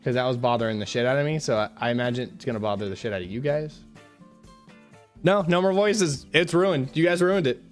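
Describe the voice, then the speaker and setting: A man's voice: medium pitch, soft background music. Joking young male streamer, medium voice. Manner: joking, swearing, quick asides to chat. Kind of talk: casual game-stream chat.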